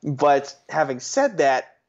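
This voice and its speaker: Animated man on a dull lo-fi mic. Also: a little high, slow pace. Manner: animated, opinionated, stumbles over restarts. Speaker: podcast co-host. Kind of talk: casual podcast chat.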